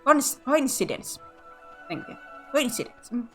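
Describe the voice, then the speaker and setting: Giggly woman streamer, lively voice. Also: medium pitch, a little slow, soft background music. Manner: giggly, stumbles over words. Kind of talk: casual gameplay chat.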